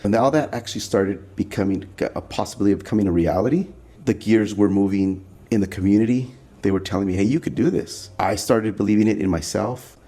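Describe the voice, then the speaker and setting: A pinstripe artist guests on a podcast, telling stories casually in a gravelly, dark male voice at a quick pace. He's animated and chatty, peppering his speech with "like" and acting out quoted people with jumps in pitch.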